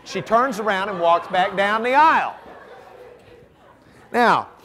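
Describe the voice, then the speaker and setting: A man lecturing a class tells a courtroom story with flair, his voice sitting fairly high. He builds from quiet asides to loud, dramatic bursts. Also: expressive, takes it slowly, slight background noise. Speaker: guest lecturer, trial lawyer.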